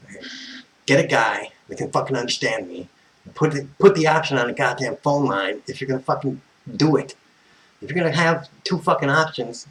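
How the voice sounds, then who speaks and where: An exasperated American vlogger tells a personal story, swearing constantly and straying into tangents. His mid-range voice is expressive and fairly bright at a moderate pace, though the audio is poor.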